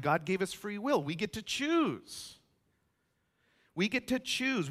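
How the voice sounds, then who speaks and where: Emphatic male pastor preaching. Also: medium pitch. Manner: emphatic preaching, acts out quoted voices, swings between loud and hushed. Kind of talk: sermon.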